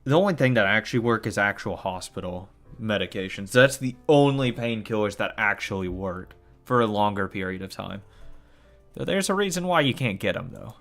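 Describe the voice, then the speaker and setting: A man's voice: on the low side, expressive, moderate pace, vocal fry, a bit bright, faint music behind. A man reading a visual novel aloud as a let's play, swearing and commenting as he goes. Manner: swears and comments between lines.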